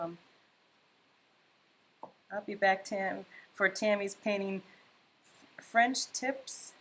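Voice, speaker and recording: A woman hosting a live painting stream from home, chatting casually, reading viewer comments aloud and thinking out loud as she paints. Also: medium pitch, slight background noise. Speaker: livestream painting host. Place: home, indoors.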